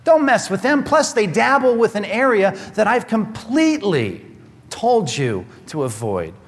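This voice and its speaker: A male pastor preaching a sermon in an animated, wry way, swinging between loud and hushed. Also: high-pitched, measured pace. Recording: echoey hall.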